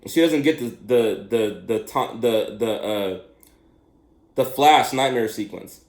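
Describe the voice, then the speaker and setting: A middle-aged man telling a rambling personal story in casual chat, animated and laughing often. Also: slow, reverberant. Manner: animated, laughs often, mimics high questioning voices.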